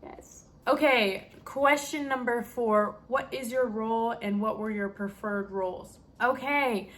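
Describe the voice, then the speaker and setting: A woman's voice: a little high, fairly even intonation, a little slow, a little hiss or hum. A young woman vlogger chatting casually and emotionally to camera, with plenty of fillers. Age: young adult. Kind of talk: casual chat.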